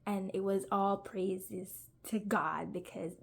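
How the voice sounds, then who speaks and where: A woman's voice: mid-range voice, fairly even intonation, slow, gravelly, breathy edge. A young woman sharing her personal faith testimony in a casual video, earnest and talkative, with lots of fillers and a voice close to tears. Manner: earnest, talkative, uses many fillers, grows emotional. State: near tears.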